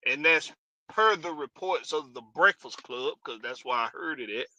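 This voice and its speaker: A man's voice: on the high side, animated, moderate pace, pushed and bright, no room sound, rough recording. Hyped man hosting a stream. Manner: hyped, drawling, repeats phrases. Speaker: host. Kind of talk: casual livestream show opening.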